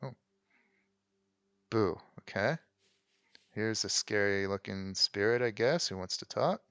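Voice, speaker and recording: A man's voice: lowish voice, animated, moderate pace, a bit bright, clean tone, no room sound. A man hosting a let's play, giving casual gameplay commentary in a rambling way with frequent ums. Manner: rambling, many ums and restarts.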